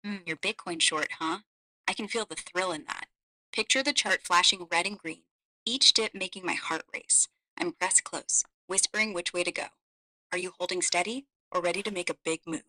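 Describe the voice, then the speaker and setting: A woman's voice: lowish voice, normal speed, pushed and bright, poor audio. A synthetic female AI voice playing a flirty, seductive female companion who murmurs teasing lines. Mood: sultry, teasing. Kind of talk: AI voice role-play.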